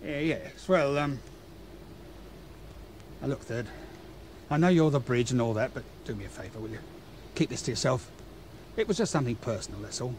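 An actor playing a defensive chief steward in a radio play, arguing with a sailor. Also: male voice, mid-range voice, lively intonation, normal speed, pauses often, darkish tone, a little hiss or hum, close to an everyday voice. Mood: evasive. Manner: defensive, accusing. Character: edgy, defensive male ship's chief steward.

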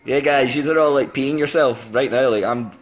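A man's voice: medium pitch, moderate pace, soft background music. A young man in his twenties with a Scottish accent, chatting casually and teasingly on a phone live stream, full of ums and jokes. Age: 20s. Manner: teasing, jokey, rambling with fillers. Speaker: band member.

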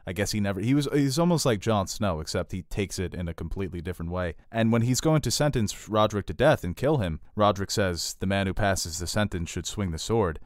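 A man with a fairly low voice talks through a TV episode on a podcast, jokey and animated. The sound is dry and close, with no room around it. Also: no echo. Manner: jokey, animated recapping with quick quoted impressions. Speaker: podcast co-host. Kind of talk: casual chat about a TV show.

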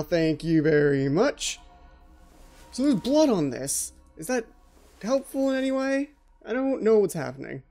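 Nervous gamer guy, mellow voice, yelps and mutters through a scary game. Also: a little high, big pitch swings, moderate pace, soft background music. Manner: jittery, talks to himself, frightened outbursts. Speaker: let's play host. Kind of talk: horror game commentary.

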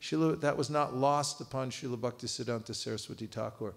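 A man's voice: mid-range voice, fairly quick, creaky. A man giving a live seminar lecture, quizzing his audience and cracking jokes. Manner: lively, quizzes audience, joking asides. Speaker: seminar teacher. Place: temple cultural hall.

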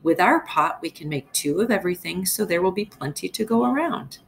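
A woman's voice: on the low side, animated, fairly quick, creaky, slight background noise. A woman doing a clever storybook wife. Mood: soothing. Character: indignant then clever folktale wife.

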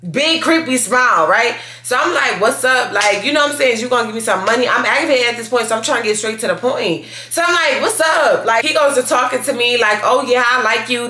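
A woman's voice: fairly high pitch, pushed and bright, reverberant. Slangy chatty young woman vlogger. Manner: chatty, slangy, says "y'all" constantly. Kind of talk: casual vlog chat.

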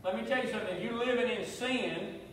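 Male pastor, high-pitched, preaching with call-and-response in a booming, reverberant sanctuary. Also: fast talker, fairly bright tone, a little hiss or hum. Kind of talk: sermon. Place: church sanctuary. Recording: echoey church hall, voice from far off.

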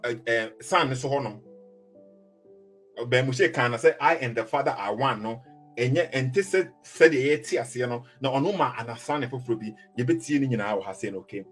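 A man's voice: mid-range voice, slightly rough. A man with a Ghanaian accent teaching from the Bible in a preaching style, switching between Twi and English and reading verses aloud. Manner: mixes Twi and English, reads scripture aloud. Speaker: religious debater.

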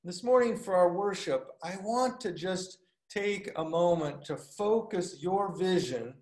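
A man's voice: high voice, darkish tone. Echoey pastor, man, storytelling sermon. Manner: storytelling, acts out dialogue with lifted voice; halting, many fillers and restarts. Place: recorded for a video call.

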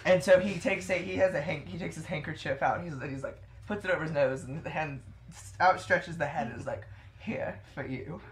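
A woman's voice: sits low, fast. A woman player at a tabletop game, rambling and giggly as she retells the action. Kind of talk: casual chat at a tabletop game.

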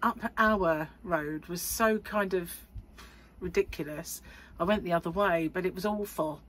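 A woman's voice: on the low side, a little slow, fairly bright tone. A middle-aged woman vlogging casually to camera, rambling and chatty with frequent laughs. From United Kingdom. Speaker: crochet vlogger.

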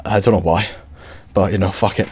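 A man's voice: fairly low pitch, fairly even intonation, fairly quick, darkish tone, breathy edge, dry recording. A young man giving sweary, exasperated comedic commentary over gameplay. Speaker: gaming YouTuber.

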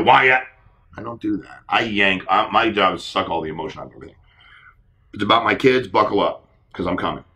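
Middle-aged guy on a panel, low voice but punchy, talks fast, acts out little conversations. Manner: earnest, animated storytelling, acts out conversations. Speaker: insurance agency leader. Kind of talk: live panel Q&A answer.

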